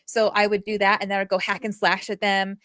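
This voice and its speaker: A woman's voice: mid-range voice, a little fast, dry recording. Chatty woman podcast co-host, dry sound. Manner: animated, rambling with many fillers. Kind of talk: casual chat.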